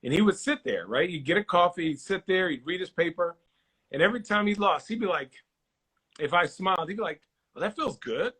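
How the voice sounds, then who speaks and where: Husky man telling lively stories. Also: high voice, a little fast. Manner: animated storyteller, acts out quoted voices. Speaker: guest, former basketball player. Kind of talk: casual interview storytelling.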